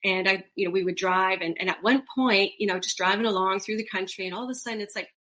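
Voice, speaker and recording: A woman's voice: medium pitch, fast. A middle-aged woman co-hosting a podcast, chatting casually and acting out quoted voices as she tells stories. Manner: animated storytelling, acts out quoted voices with laughs. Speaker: podcast co-host. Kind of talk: casual conversational podcast chat.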